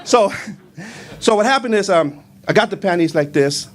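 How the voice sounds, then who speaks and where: A man in his fifties doing a stand-up comedy set on a club stage, rambling in a deadpan way with lots of fillers. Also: high voice, normal speed. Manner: rambling, deadpan delivery with frequent fillers, breaks into shouted Spanish quotes.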